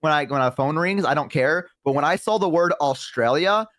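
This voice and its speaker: A man's voice: a little high, fairly quick, dry recording, clean studio sound. A young man in his twenties with a Southern US accent, telling stories in casual chat and acting out what people said. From American South. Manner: animated, self-deprecating, acts out quotes. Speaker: streamer.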